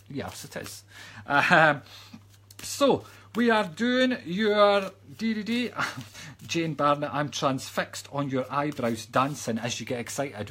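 A man's voice: a little high, fairly bright tone, breathy edge. A Scottish man working as a psychic medium, giving chatty live-stream readings from home and calling viewers sweetheart.

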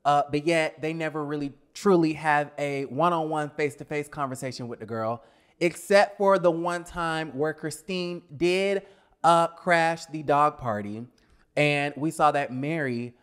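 A man's voice: on the high side, measured pace, a bit bright, smooth. A young man giving a sassy, blunt review of a reality show in a casual vlog, with scatterbrained asides, while getting over a cold.

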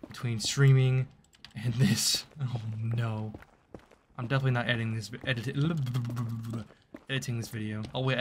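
A gaming video creator chats through live gameplay at his desk, poking fun at himself and speaking to the creatures on screen. He has a medium-pitched voice, and there's slight background noise.

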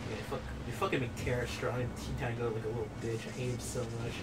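A young man hosting a gaming video, chatting casually in an excitable, rambling way with plenty of swearing. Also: medium pitch, fast talker. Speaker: gaming channel host. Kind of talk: casual chat over gameplay. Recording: distant mic with clear background noise.

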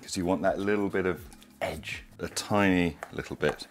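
A deep-voiced cooking show host gives a casual cooking demonstration in his home kitchen at normal speed, with soft music in the background. He's chatty, enthusiastic and prone to digressions.

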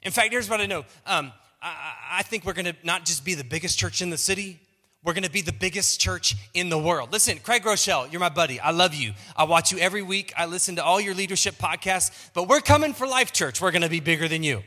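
A man's voice: high-pitched, expressive, quick pace, bright, forceful tone. A male pastor preaching a sermon in a playful, self-mocking way, often repeating words. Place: large church auditorium. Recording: long reverb of a church hall.

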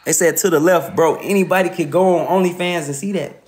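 A man's voice: fairly high pitch, brisk. A man ranting casually on a livestream, profane and laughing often.

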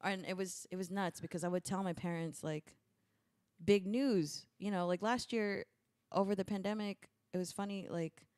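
Animated young woman on a dry mic. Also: medium pitch, normal speed, no echo. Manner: animated, mimics her parents in voices. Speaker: guest musician. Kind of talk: casual interview chat.

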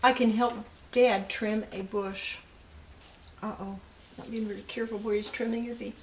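A woman's voice: medium pitch, moderate pace, slight background noise. An older woman, a grandmother, reading picture books aloud to her grandchildren and adding asides to them. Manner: animated storytelling with asides to children.

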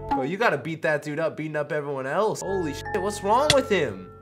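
A young man commenting on viral clips, his voice leaping up and down as he shouts and curses in amazement. Music from the videos plays clearly behind him. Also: fairly high pitch, sing-song, brisk. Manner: loud exclamations, swearing, bursts of laughter. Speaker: YouTuber reacting to viral videos. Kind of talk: excited reaction commentary.

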